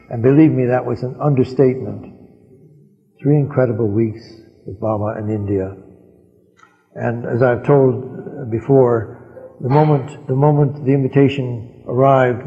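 Older man telling stories in a hall. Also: mid-range voice. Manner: rambling, chuckling often, many fillers. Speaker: speaker recounting memories to a gathering. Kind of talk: anecdotal storytelling talk. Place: large hall at a gathering. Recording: dull archival recording in reverberant hall.

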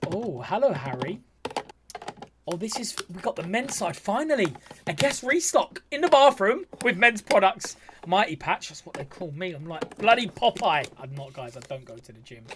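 An excitable man reacts with camp, cheeky commentary, his voice leaping all over the place. Loud keyboard clicking runs underneath the whole recording. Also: high voice, background noise. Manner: camp, cheeky, gasping and squealing. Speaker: reaction video host.

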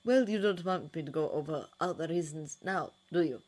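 A woman's voice: low voice, a little mellow. A woman voicing a cool, aloof upper-class man who speaks dryly and unhurriedly. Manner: dry, unhurried, understated.

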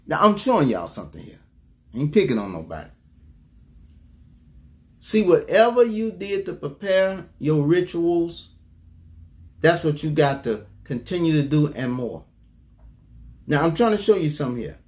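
A man preaching to his congregation in a fairly high voice. He talks like he is chatting with the room, calling out to the people and swinging between loud punches and quiet asides. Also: expressive, a little slow, long pauses. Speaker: apostle preaching. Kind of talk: sermon.

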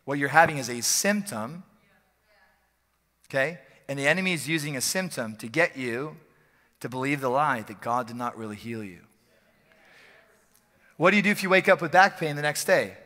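Man, pastor, energetic conversational preaching, bright tense tone, reverberant church hall. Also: on the high side, moderate pace, pauses often. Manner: energetic, joking, repeats phrases for emphasis. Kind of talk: lively conversational sermon. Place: church sanctuary during a service.

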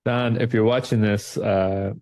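A man's voice: fairly low pitch, fairly even intonation, measured pace, darkish tone. A man co-hosting a trading show, chatting casually and jokingly about markets, rambling and laughing often. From Ireland.

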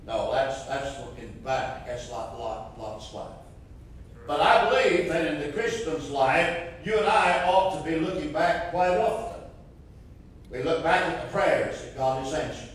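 Man preaching, slightly high voice, impassioned, distant reverberant church mic. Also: lively intonation, measured pace, fairly bright tone, a little hiss or hum. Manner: fervent, rising to impassioned cries. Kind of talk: sermon. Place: church sanctuary. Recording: roomy echo from far off.

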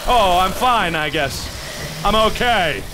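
A young man commentates a horror game into a mic at his computer. He is excitable, bursts into yells and jokes, and his voice is high and swings widely in pitch. He speaks at an unhurried pace. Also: background noise. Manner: excitable, yelling and joking. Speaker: gaming video host.

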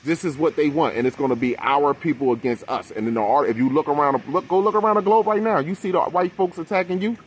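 A man's voice: on the high side, fast talker, hardly any pauses, husky. Profane, preachy man ranting. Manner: profane, preachy, addresses his people. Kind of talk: impassioned conspiracy rant.

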